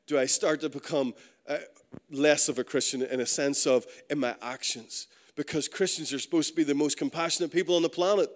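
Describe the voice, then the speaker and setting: A male pastor preaching an earnest sermon, dropping low and soft then rising to punchy emphasis, acting out quoted inner voices.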